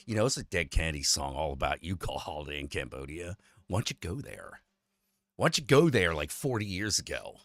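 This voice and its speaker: A man's voice: sits low, a little fast, dry recording. A man hosting a stream, ranting in casual chat, swearing a lot and stumbling over restarts. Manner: profane, animated ranting with stammered restarts. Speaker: stream host.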